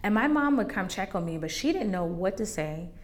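A woman who hosts a faith podcast candidly shares a personal testimony, conversational in tone and emotional at moments. Her mid-range voice has a sing-song quality and moves a little fast.

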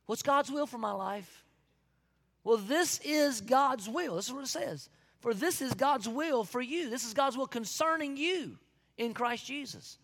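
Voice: high voice, expressive, a little slow, a bit bright, long reverb tail. A pastor with a Southern US accent preaching a sermon with folksy asides and sudden whoops of joy.

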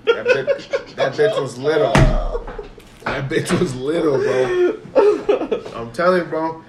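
An animated young man, telling a story to friends with swearing and constant emphatic repetition. He sits back from the mic in an echoey room with faint noise behind him. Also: on the high side, slow pace, far from the mic. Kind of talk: casual storytelling among friends.

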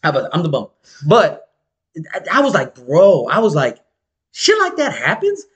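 Guy telling a wild night-out story to his cohost, high voice, swears a lot, does all the voices. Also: normal speed. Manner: animated, slangy and profane, acts out quoted voices. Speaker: podcast co-host telling a story. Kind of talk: casual storytelling chat.

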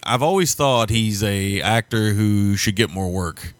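A middle-aged man co-hosting a film podcast, chatting quickly and casually. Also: fairly low pitch, no room sound. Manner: quick, chatty, laughs often. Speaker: podcast co-host.

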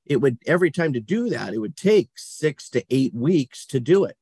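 A middle-aged man, a company CEO, telling stories in a casual interview, animated, often laughing and acting out what people said. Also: mid-range voice, normal speed, breathy edge, dry recording.

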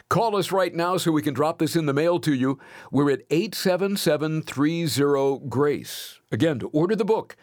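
A man hosting a radio program, reading announcements and a donation appeal in a smooth, measured way. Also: fairly high pitch, dry recording, studio quality.

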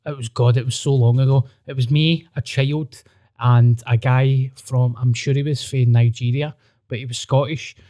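A man in his thirties co-hosting a podcast, swearing freely and poking fun at himself. His pitch sits in the middle for a man, neither high nor low. He talks bluntly and casually. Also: fairly even intonation, normal speed, dark tone, no echo, studio quality. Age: 30s. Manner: sweary, self-mocking, blunt. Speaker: podcast co-host. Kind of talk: casual chat.

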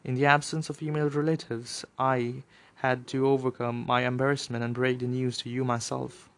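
A dutiful, obliging young man from a storybook, polite and respectful, read by a male narrator. His voice stays even and courteous. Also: medium pitch, normal speed, close to an everyday voice. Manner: polite and accommodating.

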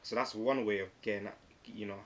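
A young man in casual banter, animated and slangy, often slipping into quoted voices. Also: fairly low pitch. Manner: quick and animated, slangy, breaks into put-on quotes. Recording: slightly dull recording with faint hiss.

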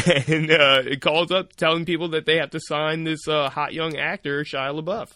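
A young man co-hosting a podcast, retelling a story in a rambling, animated way with lots of fillers. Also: a little high, moderate pace, dry recording. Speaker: podcast co-host. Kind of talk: casual storytelling chat.

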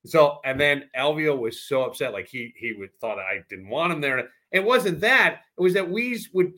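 A man and former radio host telling stories in casual chat, animated and acting out voices. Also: a little high, moderate pace. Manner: animated storyteller who acts out voices.

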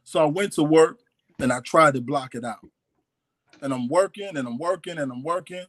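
Man, slightly high voice, dry close sound; candid, halting testimony with repeats. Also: fairly bright tone, dry recording. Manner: confessional, hesitant, repeats himself. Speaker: guest telling his life story.

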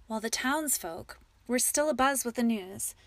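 A woman reading a story aloud as an audiobook narrator, in a calm, measured way. Her voice is a little high-pitched. The recording is close and dry, with no room echo at all.

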